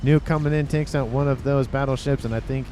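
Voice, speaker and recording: A man casually commentating a strategy game replay, reacting excitably as the action unfolds. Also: mid-range voice, slight background noise. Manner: excitable, quick reactions, often exclaims "oh".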